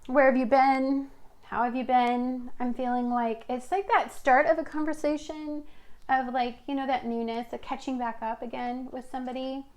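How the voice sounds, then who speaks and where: A woman's voice: sits high, fairly even intonation, normal speed, a little mellow. A woman giving a casual tarot reading, talking in a chatty, rambling way with fillers. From Washington state. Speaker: tarot reader.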